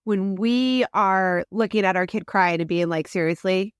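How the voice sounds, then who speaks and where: A woman co-hosting a casual parenting podcast, reacting quickly and laughing easily, on a close mic. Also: mid-range voice, clean tone, no room sound. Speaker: podcast co-host.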